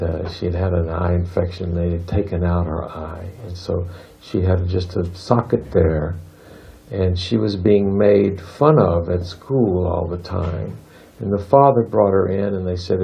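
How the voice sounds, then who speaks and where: Brief: low-voiced, gravelly man, earnest storyteller at an informal spiritual gathering, lo-fi dull recording. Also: a little hiss or hum. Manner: earnest, circling back to repeat key points. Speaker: spiritual talk leader.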